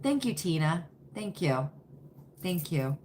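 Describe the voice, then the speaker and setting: A woman's voice: fairly low pitch, very animated, slow pace, background noise. A woman hosting a live stream, chatting folksily with viewers and answering their comments by name. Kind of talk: casual chat with live viewers.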